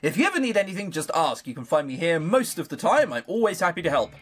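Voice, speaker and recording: Brief: a helpful young bartender woman, read by a man, bright, with faint music behind. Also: a little high, very animated, quick pace, breathy edge, exaggerated voice. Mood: cheery.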